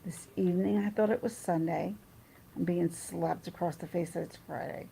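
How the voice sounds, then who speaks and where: A woman's voice: fairly low pitch, steady tone, normal speed, gravelly, mellow, a little hiss or hum, poor audio. A woman chatting casually on a livestream, reading her chat and rambling through personal stories with restarts.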